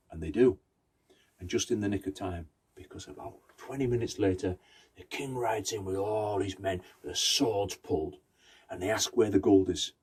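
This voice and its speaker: Male folk-tale teller, conversational delivery, asks the audience questions, warm dark tone. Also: fairly low pitch, a little fast, breathy edge. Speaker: storyteller. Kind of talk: oral folk-tale storytelling.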